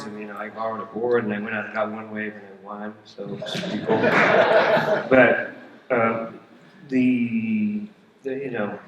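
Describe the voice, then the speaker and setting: A soft-spoken man with a lowish voice answers questions in a halting, unhurried way, filling gaps with fillers. The sound is roomy and distant, with a faint hiss behind it. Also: lo-fi sound. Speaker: guest at Q&A. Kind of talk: casual Q&A answers. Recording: echoey room, far from mic.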